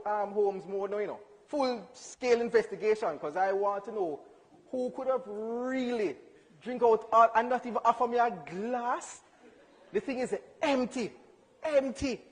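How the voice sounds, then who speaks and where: A young man telling a funny personal story in church, animated and acting out dialogue with laughs. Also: extremely high pitch, measured pace. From Jamaica. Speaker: church speaker. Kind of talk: storytelling testimony. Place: church hall. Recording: hall reverb.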